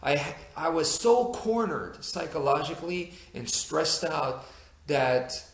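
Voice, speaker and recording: A man's voice: a little high, lively intonation, slow pace, echoey room. A man casually telling a personal story to his viewers, rambling with fillers and restarts. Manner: rambling, many fillers and restarts, laughs at himself.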